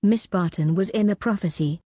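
A woman's voice: medium pitch, normal speed, mellow, slightly rough, no room sound, natural voice. A woman voicing a stern, weary middle-aged king with a formal, commanding manner. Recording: dull lo-fi audio.

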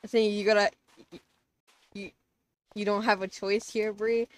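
A woman's voice: medium pitch, flat delivery, normal speed. Woman streamer ranting at her game. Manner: talks to herself, swears, mock-angry outbursts. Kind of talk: casual gaming stream commentary.

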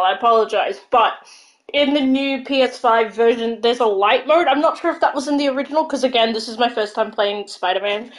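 A woman live-streaming a video game, chatting casually and gushing excitedly to her viewers. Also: a little high, poor audio. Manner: gushing, excitable, thanks followers. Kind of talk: casual live-stream chat while playing.

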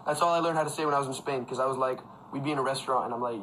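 Young man, bright voice, casual livestream chat, filler-heavy, laughs often, phone mic, faint background noise. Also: medium pitch, rapid-fire, rough recording. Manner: loose, filler-heavy talk with frequent laughs. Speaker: livestream host. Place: indoors at home with a fan.

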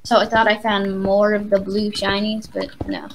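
A woman's voice: medium pitch, big pitch swings, moderate pace, a little hiss or hum, poor audio. A woman casually chatting and joking while playing a game with a friend, rambling on. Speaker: let's play co-host. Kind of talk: casual gaming chat.

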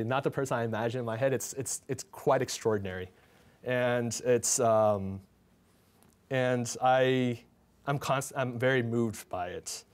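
A young man presenting his photographs in a talk, speaking in a halting, heartfelt way with many restarts and fillers. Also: medium pitch. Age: young adult.

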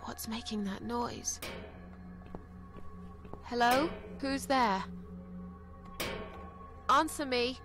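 A woman's voice: a little high, extremely slow, pauses often, music in the background. A woman voicing a weary, despairing middle-aged woman in a video game, speaking in a resigned, half-whispered way. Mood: uneasy.

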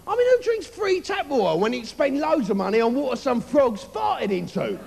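A man's voice: very high voice, big pitch swings, moderate pace, creaky, darkish tone, exaggerated voice. A man playing a vain, preening man who boasts about his looks in a smug, self-satisfied way, live on a comedy club stage. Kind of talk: live stand-up character comedy. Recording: reverberant live venue, faint ambience.

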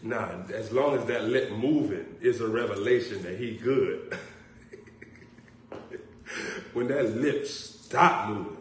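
A man preaching a sermon, telling jokes and stories in a drawling way. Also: lowish voice. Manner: storytelling, joking, drawling, slow. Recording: echoey room, distant mic, faint background hum.

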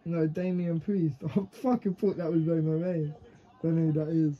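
A man giving casual, excitable reaction commentary to the screen, swearing freely. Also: on the high side, normal speed. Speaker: reaction video creator.

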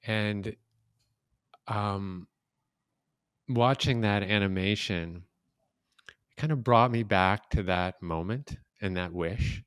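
A man in his fifties hosting a podcast interview, telling reflective stories in a casual, unhurried way. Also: sits low, clean tone, dry recording, clean studio sound. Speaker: podcast host.

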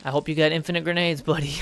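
A let's play commentator delivers casual gaming commentary, sarcastic and swearing freely as they yell at the game's characters. The voice is mid-range, level in tone, and quick.

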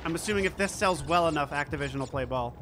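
High-voiced easygoing man chatting games. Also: fast, noisy background. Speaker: stream co-host. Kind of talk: casual gaming stream chat. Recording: game music behind.

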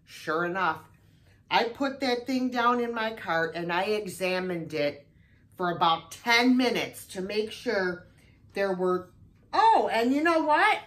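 A woman's voice: mid-range voice, animated, slow, fairly bright tone. An older woman chatting casually through a thrift haul video, exclaiming often as she shows off her finds.

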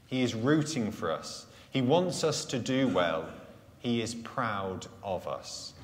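A man preaching a live sermon at a Sunday church gathering, earnest, letting key phrases fall soft and low. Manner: earnest, slows and drops softly on key phrases. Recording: echoey church hall sound.

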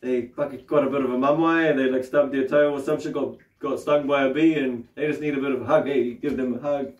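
A man's voice: medium pitch, fairly even intonation, fast talker, few pauses, dull audio. New Zealand man, roomy distant sound. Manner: loose, swears freely, frequent tag questions. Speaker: meditation teacher. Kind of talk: casual spoken teaching.

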